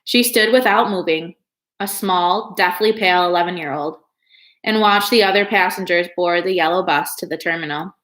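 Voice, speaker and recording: A woman reading a children's novel aloud, in a calm and steady storytelling manner. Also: lowish voice, moderate pace. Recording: echoey room.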